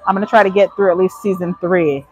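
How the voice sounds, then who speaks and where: A woman's voice: fairly low pitch, fairly even intonation, fast talker, a little mellow, slightly rough, no echo, poor audio. A woman vlogger giving a chatty live walking tour of a cruise ship, answering chat questions, a little out of breath. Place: aboard a cruise ship, indoor decks.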